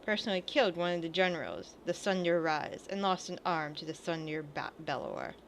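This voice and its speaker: A gravelly, lowish, expressive woman's voice moves a little fast over a faint hiss or hum. She's a let's play gamer reading a video game's lines aloud casually, rarely using character voices, while swearing now and then and reacting to the game.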